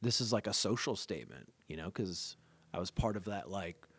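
A man telling the story of his conversion to a podcast host in an earnest, animated way, with plenty of fillers. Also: low voice, normal speed, breathy edge, dry recording. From Southern California. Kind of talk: casual conversational testimony.

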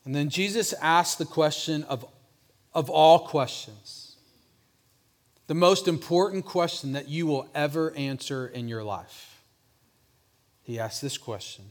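A male pastor preaching a sermon, with restarts, dropping softer to voice a repeated question. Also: on the high side, unhurried, long pauses. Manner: preaching with restarts, drops softer when voicing Jesus' question.

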